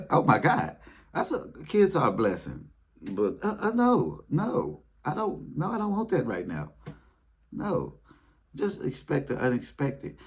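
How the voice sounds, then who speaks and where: A man speaking in a casual storytelling monologue, animated, acting out his past reactions in a high voice. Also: breathy edge. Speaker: spiritual video creator.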